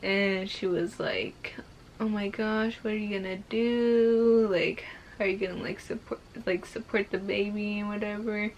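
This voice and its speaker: A woman's voice: medium pitch, steady tone, lo-fi sound, slight background noise. A young woman casually telling a personal story to camera, full of fillers and growing emotional. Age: young adult. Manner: slow, emotional, many fillers like "like". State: currently pregnant. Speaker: vlogger.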